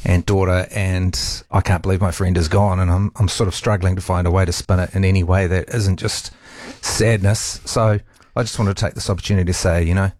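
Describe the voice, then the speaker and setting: A man in his forties, a radio talk host, giving a heartfelt tribute in a halting way with restarts and pauses. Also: sits low, flat delivery, darkish tone, no room sound, clean studio sound.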